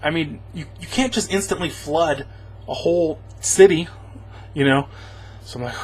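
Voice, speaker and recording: Husky-voiced man rambling through a movie recap. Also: a little high, normal speed, pauses often, rough recording. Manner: rambling and sarcastic, chuckling often. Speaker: movie reviewer. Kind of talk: casual plot recap review.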